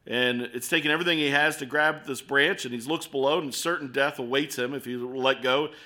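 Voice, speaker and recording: A man's voice: medium pitch, fairly even intonation, fairly quick, bright, forceful tone. A man preaching an earnest sermon, telling stories and asking his listeners rhetorical questions. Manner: storytelling.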